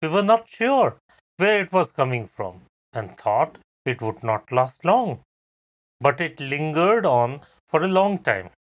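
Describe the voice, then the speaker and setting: A man calmly recounting a personal travel memory on an educational podcast. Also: fairly high pitch, measured pace. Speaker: podcast guest storyteller.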